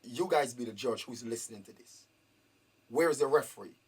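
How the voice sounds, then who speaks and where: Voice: mid-range voice, fairly quick, husky. A parent questioning school staff in a meeting, repeating the same pointed questions and demanding answers. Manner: repetitive, demanding, raised emphatic questions.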